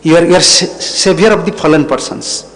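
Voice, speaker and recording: Man, fairly high voice, spiritual teacher, devotional lecture, emphatic, repeats phrases. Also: lively intonation, a little fast, a bit bright. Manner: emphatic, repeats phrases, non-native English.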